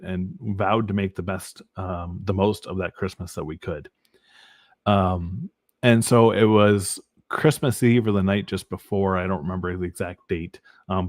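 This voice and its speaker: Man, very low voice, dry close sound; earnest podcast guest sharing faith testimony, halting with restarts. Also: darkish tone, dry recording. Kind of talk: personal faith testimony in an interview.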